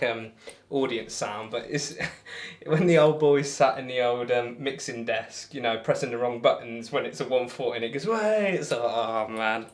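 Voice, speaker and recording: Bloke on a darts stream chatting away, rambly and friendly, mid-pitched voice. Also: male voice. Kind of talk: casual live-stream chat reading comments. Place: home room while throwing darts.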